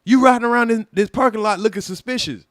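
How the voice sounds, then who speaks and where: A man casually telling a personal story on a livestream, animated and profane, loudly acting out what people said to him. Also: high voice, fast talker, no echo, studio quality. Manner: animated, profane, acts out quoted voices loudly.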